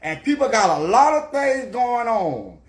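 An actor playing an older Southern granddad with a Gullah Geechee accent, rambling and stammering through comedy stories. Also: male voice, very high-pitched, big pitch swings, a little slow, echoey room, exaggerated voice.

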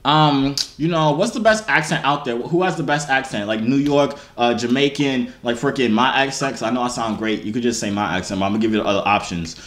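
A man's voice: mid-range voice, fairly quick, few pauses, fairly bright tone, roomy sound. A young man hosting a video, bantering and teasing strangers in slangy casual chat. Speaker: video host.

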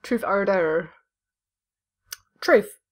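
A woman from northern England riffing through casual game commentary, mid-pitched, crude and teasing, breaking into laughter often. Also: very slow. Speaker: YouTuber.

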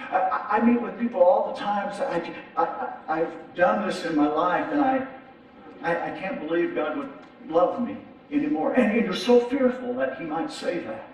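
Middle-aged pastor preaching, chatty and stumbly, highish voice, far off the mic in a super echoey church. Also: male voice, animated, normal speed. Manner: conversational, with frequent repeated words. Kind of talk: sermon. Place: large church sanctuary. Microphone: distant from the mic.

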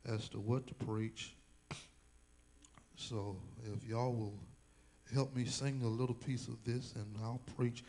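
A man's voice: lowish voice, warm tone, slight background noise. A male minister, preaching in a church and exhorting the congregation with call and response. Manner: exhorting the congregation, drawn-out phrasing. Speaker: guest minister. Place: church sanctuary.

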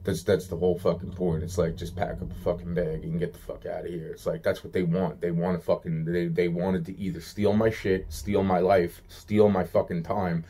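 A man's voice: deep voice, little pitch movement, normal speed, few pauses, warm tone, breathy edge. A man giving a rambling, profane solo rant, exasperated and repeating himself often. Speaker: vlogger.

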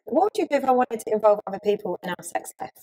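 A woman's voice: a little high, sing-song, rapid-fire, dark tone, poor audio. A woman on a dating show, casually chatting and probing her date with challenging questions. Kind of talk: casual chat.

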